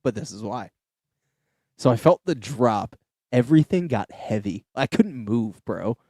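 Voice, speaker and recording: A man's voice: medium pitch, lively intonation, a little slow, warm tone, no room sound, studio quality. A young man hosting a podcast, telling a loose story full of swearing and fillers. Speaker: podcast host. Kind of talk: casual storytelling chat. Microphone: studio podcast mic.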